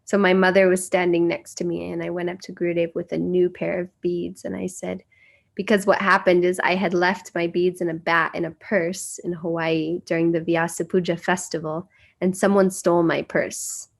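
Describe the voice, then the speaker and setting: A woman's voice: fairly low pitch, flat delivery, normal speed, creaky. An American woman from the United States, earnestly telling personal stories as a guest speaker and acting out the voices she quotes. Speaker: guest speaker sharing memories. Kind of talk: personal storytelling.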